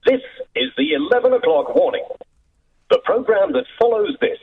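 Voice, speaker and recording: A man's voice: very high voice, very animated, normal speed, creaky, full character voice. A male caller putting on a solemn announcer voice to give a broadcast warning, heard over a phone line.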